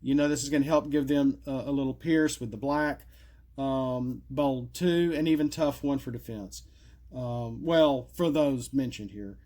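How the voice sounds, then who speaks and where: Showing off custom cards he made for his card game, a middle-aged man talks casually to the camera in a warm, mid-range voice at a somewhat slow pace. His talk wanders through fillers and asides, with occasional coughs and cracks in his voice.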